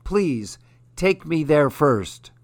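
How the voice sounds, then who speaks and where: Man putting on a quick-witted young monkey. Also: on the high side, sing-song, pitched above the performer's own voice, heavily acted. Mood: pleading.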